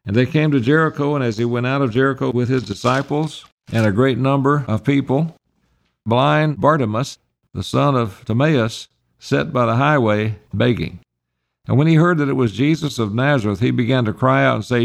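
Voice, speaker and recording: A man's voice: mid-range voice, moderate pace, gravelly. A man pastor reading Bible verses aloud and then explaining them in plain words for his congregation. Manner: reads scripture then paraphrases it plainly. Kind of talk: Bible study sermon.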